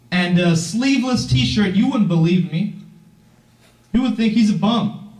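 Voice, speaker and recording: A man's voice: high voice, darkish tone. A teenage boy giving a motivational speech at a corporate event, earnest and emphatic, asking the audience questions. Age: teens. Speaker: youth founder giving a talk. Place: event room, heard from a distance. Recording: echoey room from far off.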